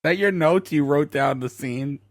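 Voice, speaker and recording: A man's voice: fairly high pitch, a little slow, no room sound, studio quality. A man co-hosting a podcast who teases the others bluntly and swears freely in casual chat. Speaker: podcast co-host.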